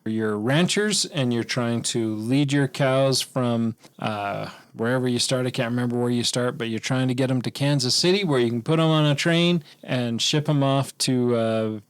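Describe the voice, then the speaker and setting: A man's voice: mid-range voice, moderate pace, hardly any pauses, clean tone, no echo. A man co-hosting a board game podcast, casually explaining how a game plays, with some fillers. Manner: explains rules at length, uses fillers. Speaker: podcast co-host.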